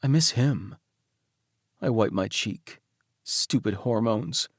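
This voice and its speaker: A man narrating a romance audiobook in first person, intimate and soft-spoken. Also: mid-range voice, lively intonation, slow pace, no echo, studio quality.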